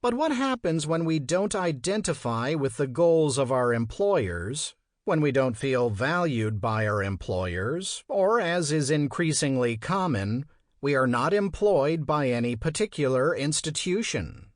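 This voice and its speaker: Male audiobook narrator, measured scripted read with an animated pitch, close dry studio sound. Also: dry recording.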